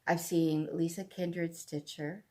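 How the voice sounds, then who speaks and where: A woman's voice: lowish voice, steady tone, slow, darkish tone. A Canadian woman hosting a cross-stitch vlog, chatting casually in a rambling way with lots of asides. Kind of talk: casual chat.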